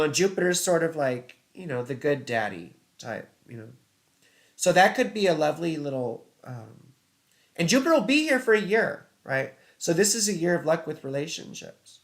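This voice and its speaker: Chatty rambling male astrologer. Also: a little high. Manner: chatty, rambling, peppered with "you know" and "right"; reads viewer comments aloud and laughs at own slips. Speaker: astrologer host. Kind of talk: casual live-stream chart readings.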